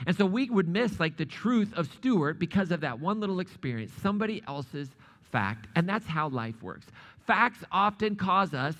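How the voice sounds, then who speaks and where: A man's voice: high-pitched, big pitch swings, normal speed, fairly bright tone, long reverb tail. A middle-aged man preaching a sermon to a live congregation in a church, conversational and joking, often asking the audience questions. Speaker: pastor.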